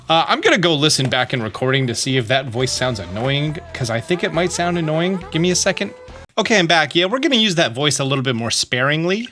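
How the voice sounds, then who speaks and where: A man's voice: on the high side, very animated, fast talker, bright, forceful tone, faint music behind. A man hosting a game walkthrough, narrating his moves with jokey asides. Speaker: let's play host.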